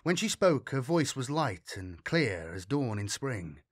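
A man narrating a grim sci-fi audiobook in an expressive storytelling reading. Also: medium pitch, unhurried, no room sound, clean studio sound. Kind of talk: scripted narration.

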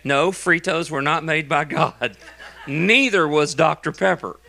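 Folksy pastor with a bright, forceful voice. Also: male voice, fairly high pitch, measured pace, gravelly. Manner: folksy, joking asides between emphatic preaching. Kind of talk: sermon. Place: church sanctuary.

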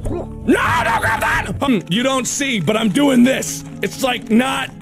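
A man raging through a video game, yelling and swearing with a voice that shoots very high and swings wildly between highs and lows. He keeps shouting at the game in frustration, drawn out and slow, with loud music behind him. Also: huge pitch swings, vocal fry. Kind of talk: let's play commentary.

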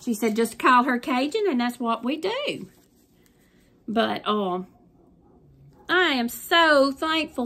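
An older woman with a Southern US accent is a crafting YouTuber who chats casually and gushes through a craft unboxing using folksy phrasing. Her voice is fairly high, pushed, and bright.

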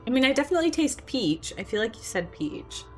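A woman co-hosting a casual chat with quick, teasing quips. Her voice sits fairly high and swoops around a lot. Faint music plays behind her. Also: very animated. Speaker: co-host.

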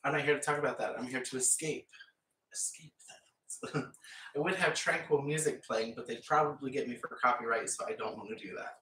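Talking fast with hardly any pauses, a painting vlogger rambles and laughs his way through a casual chat as he paints. His voice is mid-range, bright and forceful, and the far-off mic catches plenty of room echo.

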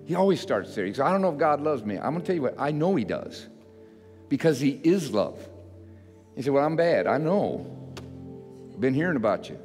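An older man, a pastor, preaching a sermon in a folksy, self-mocking way that builds into loud, emphatic repetition. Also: a little high, big pitch swings, brisk, pauses often. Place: church sanctuary. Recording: church hall reverb with faint music.

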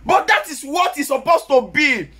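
Man, Nigerian Yoruba accent, very high voice, pastor's sermon, fiery preaching. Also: normal speed. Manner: preaching, mixing in Yoruba, rising to shouts.

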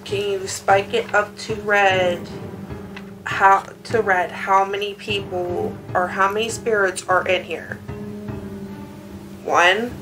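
A woman's voice: medium pitch, little pitch movement, slow pace, over music, poor audio. Young woman questioning a spirit. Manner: earnest, asks questions again and again. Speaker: daughter of the host. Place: at home indoors.

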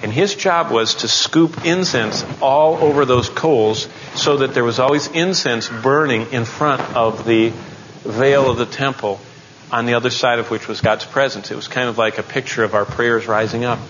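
A man teaching the Bible in a sermon style, telling the story dramatically and rising into excited outbursts. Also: mid-range voice, moderate pace, dull audio, noisy background.

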